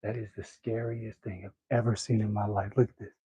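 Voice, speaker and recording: Counting reps aloud between jokes and frequent laughs, a man chats with viewers during an at-home workout as a fitness vlogger. He speaks a little fast in a fairly low, level voice, and the audio sounds narrow and tinny.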